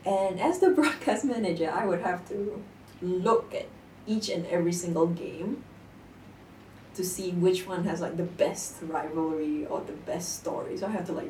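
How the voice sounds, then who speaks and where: A young woman talks casually and tells her stories with animated energy. She sits back from the microphone in an echoey room. A faint hiss runs under her voice. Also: fairly low pitch, normal speed. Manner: animated storytelling, laughs often. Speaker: guest. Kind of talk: casual chat. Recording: echoey room, distant mic, faint noise.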